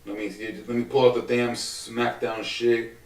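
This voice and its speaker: A man's voice: medium pitch, little pitch movement, normal speed. A man hosting a solo sports podcast, rambling and swearing with many restarts. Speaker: podcast host. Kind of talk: casual solo sports talk. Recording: echoey room, distant from the mic.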